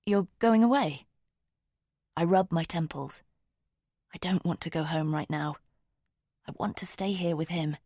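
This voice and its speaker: A woman narrating a novel in the first person, measured and intimate. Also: sits low, steady tone, a little mellow, breathy edge, no echo, studio quality. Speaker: audiobook narrator.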